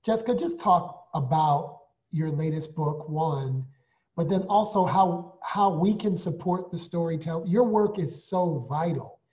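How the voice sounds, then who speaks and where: A man's voice: a little high, measured pace, dark tone. A man co-hosts an online panel discussion in a somewhat raised voice. He asks winding, hesitant questions full of restarts, and the video call audio sounds dull and muffled. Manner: hesitant, with many fillers and restarts. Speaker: co-host.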